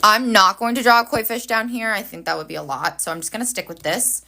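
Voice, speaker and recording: A woman running a planner livestream keeps up friendly, cheerful chatter with viewers while she draws. She talks at a quick pace in a mid-range, creaky voice with a sharp tone.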